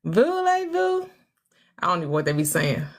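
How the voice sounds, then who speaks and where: A woman in her forties hosting a casual livestream, laughing often as she answers viewer comments and tries out halting schoolbook French. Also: mid-range voice, lively intonation, a bit bright. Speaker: livestream host. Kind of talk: casual live chat reading viewer comments.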